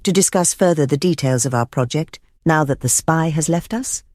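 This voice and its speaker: A man's voice: a little high, normal speed, no echo, clean studio sound, lightly acted. A man voicing a fussy, rule-bound male secretary of a secret society who speaks sharply and nervily. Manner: sharp, nervy, protesting.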